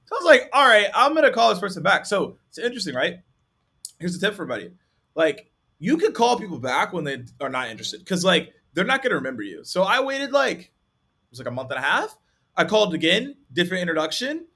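Brief: male host, lively anecdote teller, crisp bright voice. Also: high-pitched, fast. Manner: animated, talks with many likes. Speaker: podcast host and sales rep. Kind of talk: casual storytelling.

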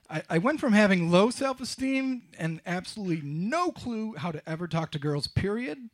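Middle-aged guy telling a funny story about himself, slightly high voice, stumbles over his words a lot. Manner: wry, self-mocking, halting restarts. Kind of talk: live storytelling.

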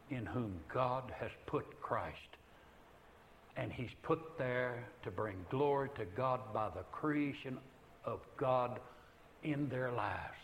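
An older man preaching a sermon in an earnest way, rising to loud emphatic peaks and then dropping to hushed, low passages. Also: slight background noise, rough recording.

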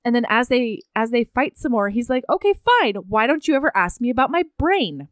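A woman's voice: on the high side, expressive, brisk, no room sound, clean studio sound. A woman co-hosting a casual book chat, retelling scenes animatedly with quoted lines and frequent laughter. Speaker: podcast co-host.

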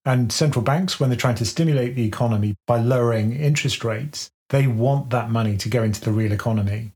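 A man talks through finance topics at a steady, mid-range pitch. His delivery is measured and explanatory, leaning on plain analogies to make a point in a relaxed podcast chat.

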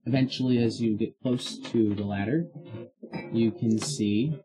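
A man narrating as game master in a tabletop game, with slow, halting descriptions and fillers. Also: medium pitch, steady tone, dark tone, breathy edge, poor audio.

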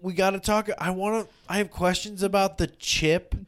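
A podcast co-host with a high-pitched voice chats casually, keeping a steady tone and a normal speed. He muses aloud and asks lots of questions.

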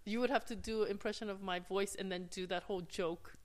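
A woman's voice: medium pitch, fairly even intonation, fast talker. A woman guest on a podcast, talking casually with lots of fillers and hesitations. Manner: chatty, hesitant with many fillers. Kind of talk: casual chat.

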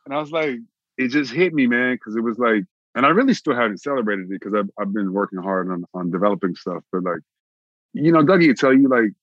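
A man from Austin, Texas, an actor telling his own story in an interview, animated and repeating phrases for emphasis. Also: mid-range voice, quick pace, dry recording, lo-fi sound. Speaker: actor, guest.

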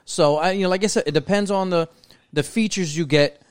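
A man's voice: high-pitched, fairly quick, smooth, no echo, studio quality. Rambling young man on a podcast. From New York. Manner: loose, rambling, lots of "like" and "you know". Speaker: podcast co-host. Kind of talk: casual podcast chat.

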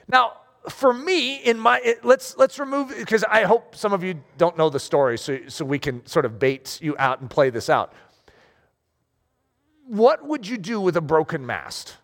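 A man preaching a sermon, talking in a lively, conversational way with self-deprecating asides. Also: high-pitched, measured pace, creaky, long reverb tail. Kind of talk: sermon with story reading.

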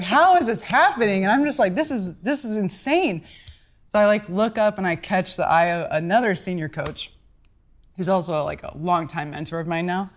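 A woman guest on a podcast telling a story casually and animatedly, acting out the people she quotes. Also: fairly low pitch.

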